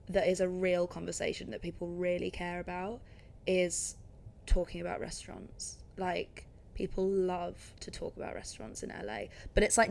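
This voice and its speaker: A young Englishwoman with an Essex accent talks loosely and sarcastically, peppering every thought with "like." Her voice sits slightly low and carries a gravelly fry. The tone stays easygoing and conversational throughout. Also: a little mellow. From England. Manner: chatty, lots of "like", sarcastic asides. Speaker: guest. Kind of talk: casual podcast chat.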